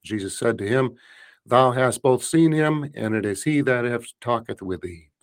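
Brief: male host, mid-pitched, steady and plain reading of scripture. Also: normal speed. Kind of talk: scripture reading and casual hosting.

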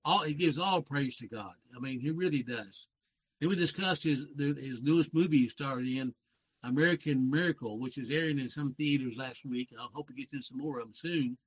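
On a low-quality recording, a Southern-accented man from West Virginia, aged in his seventies, rambles folksily as a guest in casual radio talk show conversation, frequently correcting himself. He talks a little fast in a medium-pitched voice with a breathy edge.

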